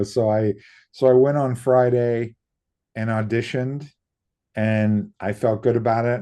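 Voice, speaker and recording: A middle-aged man, a makeup effects artist, telling stories in a casual interview and acting out other people's lines, with some swearing. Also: lowish voice. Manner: lively storyteller who acts out quoted voices, casual swearing. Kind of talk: casual anecdotal interview storytelling.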